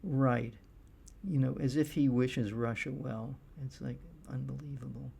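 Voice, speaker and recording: A middle-aged man giving casual monologue commentary, halting often with fillers and restarts. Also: mid-range voice, fairly even intonation, creaky, dark tone, husky. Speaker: political commentator.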